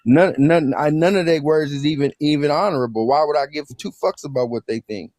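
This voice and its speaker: A man's voice: a little high, brisk, darkish tone. A man arguing heatedly in a live online debate, aggressive and profane, repeating himself and hurling threats. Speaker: social media personality in a live debate.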